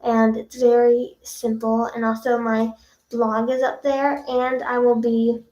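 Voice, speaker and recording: A bubbly young woman chats with her viewers on a livestream. Her voice sits a little high. It rings in an echoey room. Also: little pitch movement, measured pace, mellow. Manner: bubbly, chatty, reads out viewer comments. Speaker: singer hosting a livestream. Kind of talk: casual livestream chat.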